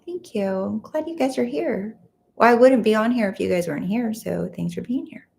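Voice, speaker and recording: A woman's voice: on the high side, moderate pace, gravelly, a little mellow. A woman hosting a casual livestream, reading viewer comments aloud and chatting back to them from home. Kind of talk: casual live chat.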